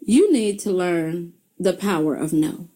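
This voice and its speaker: A woman voicing her own firm, older mother, who turns down requests bluntly and flatly. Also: lowish voice, a little slow. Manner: blunt, flat refusals.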